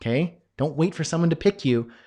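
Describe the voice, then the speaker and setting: A man's voice: fairly high pitch, lively intonation, brisk, dark tone. A man from Canada with a Canadian accent, hosting a live Q&A call. He reads chat comments aloud and rambles and jokes, with lots of fillers. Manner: rambling and jokey, with many fillers. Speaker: course host and coach.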